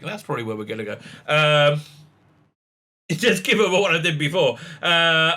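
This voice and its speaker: Bright, sarcastic ranting man. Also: a little high, lively intonation, a little fast. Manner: sarcastic, ranting, with frequent fillers. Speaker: online commentator. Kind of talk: ranting video commentary.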